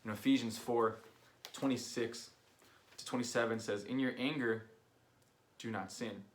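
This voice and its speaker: A man's voice: mid-range voice, fairly even intonation, moderate pace. A young adult man, a youth director, giving a casual online sermon recap with an easygoing storytelling manner. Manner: casual storytelling with fillers, acts out quoted voices.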